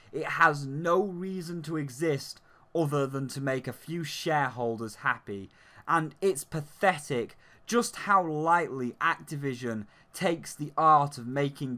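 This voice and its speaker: Male reviewer, angry profane rant, unhurried delivery. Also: fairly high pitch, a bit bright. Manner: heated, profane ranting with emphatic lists. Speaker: game reviewer. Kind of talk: ranting video review.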